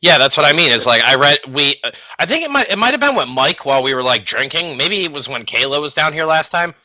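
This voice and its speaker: A man's voice: a little high, very animated, fast talker, sharp tone, no room sound, poor audio. A man co-hosting a podcast, rambling and joking, laughing often. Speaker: podcast co-host. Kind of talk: casual banter.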